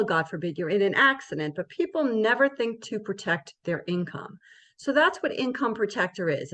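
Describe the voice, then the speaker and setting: Woman presenter, mid pitch, conversational explainer style, often checks in with her audience. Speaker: insurance presenter. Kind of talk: educational presentation.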